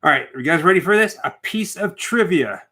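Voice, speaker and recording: A man with a bright, lively voice co-hosts a casual live stream. He rambles through stories and teases viewers with trivia questions, and his pitch moves around a lot. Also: brisk, slightly rough. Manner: rambling storyteller, laughs often, teasing. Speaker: co-host and trivia quizmaster.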